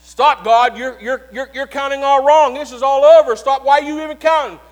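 A man's voice: extremely high pitch, steady tone, voice pushed up. A man voicing a panicking male devil, frantic and desperate, in a sermon's retelling. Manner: frantic, rapid protests.

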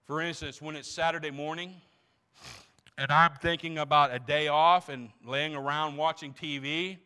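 A man's voice: on the high side, fairly even intonation, normal speed, pushed and bright, clear, resonant tone. A man in his sixties, a pastor preaching to a congregation in church, emphatic, asking rhetorical questions and repeating words. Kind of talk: sermon.

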